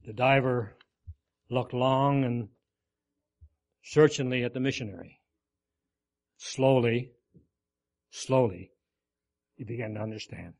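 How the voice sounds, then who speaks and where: A man's voice: mid-range voice, gravelly. Earnest man telling a sermon story. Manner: earnest, measured, dropping soft at solemn points.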